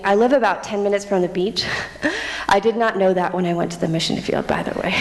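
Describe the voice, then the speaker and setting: A young woman, a missionary, giving a candid personal testimony with self-mocking humor and frequent laughter. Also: mid-range voice. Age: young adult. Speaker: missionary speaker. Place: church hall. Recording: long church hall reverb.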